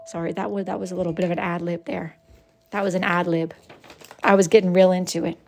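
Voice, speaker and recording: A woman hosting a casual live stream, making quick teasing asides to viewers. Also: on the low side, level tone, over loud music. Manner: quick asides, teasing and mildly annoyed with commenters. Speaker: live-stream host, wood-burning artist.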